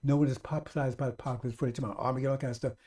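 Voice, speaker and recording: A man's voice: mid-range voice, steady tone, very fast, warm tone. A man preaching a radio sermon, emphatic and repetitive, speaking straight to his listeners.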